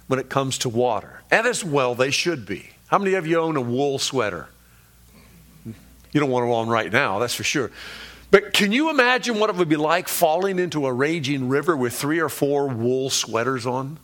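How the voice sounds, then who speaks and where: A pastor preaching a sermon, telling stories and slowing down to stress key words and scripture. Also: male voice, medium pitch, fairly bright tone. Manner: storytelling, slows down for emphasis on key words.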